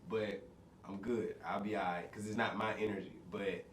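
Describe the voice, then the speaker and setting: Man, slightly hoarse, podcast host, laid-back, roomy distant sound. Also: on the low side, little pitch movement. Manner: laid-back, swearing, drawn-out greetings. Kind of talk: casual podcast chat. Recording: roomy, distant mic with faint noise.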